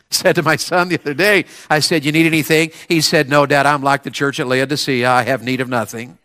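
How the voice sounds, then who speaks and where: A man preaching a sermon, telling stories in a folksy way with rising bursts of excitement. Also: on the high side, brisk. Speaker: evangelist preacher.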